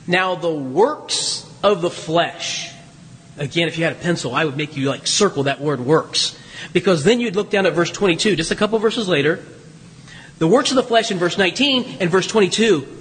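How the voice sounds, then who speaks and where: Husky high-voiced male pastor preaching. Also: fairly bright tone. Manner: conversational, teasing asides to the congregation. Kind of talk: sermon. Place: church sanctuary. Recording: long hall reverb.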